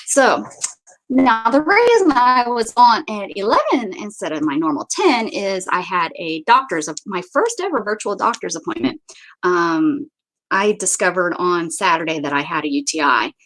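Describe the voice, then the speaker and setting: A woman hosting a casual livestream in a chatty, rambling way. She breaks off her story to greet viewers by name, then picks it up again. She often stumbles over words and starts again, and her voice sits at an ordinary pitch for a woman. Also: very animated, moderate pace, a bit bright. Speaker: livestream host. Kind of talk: casual chat.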